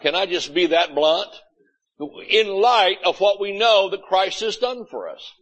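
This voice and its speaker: A man's voice: high voice, lively intonation, a little slow, a bit bright, poor audio. A man preaching a sermon as pastor, folksy and blunt, often mimicking complaining churchgoers. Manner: folksy, blunt preaching with mocking quoted voices. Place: church sanctuary.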